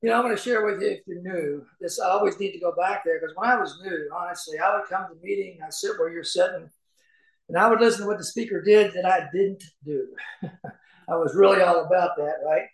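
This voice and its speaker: An older man with a fairly high voice shares his story with a crowded room. He talks in a folksy, chatty way, often laughing, and his voice rings out from a podium mic in a big, echoing hall. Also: brisk. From Kentucky, USA. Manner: folksy, laughing, conversational with many fillers. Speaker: recovery meeting speaker. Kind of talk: personal story talk to an audience. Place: large meeting hall. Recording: echoey hall recording.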